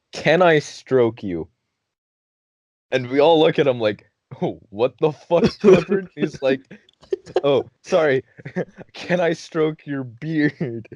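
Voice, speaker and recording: A young man hosts a podcast and tells a long story in a loose, animated way, laughing and swearing as he acts out his friends. His voice sits at an ordinary male pitch. It comes through a dull, lo-fi recording with almost no room sound. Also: no room sound. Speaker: podcast host. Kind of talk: casual storytelling.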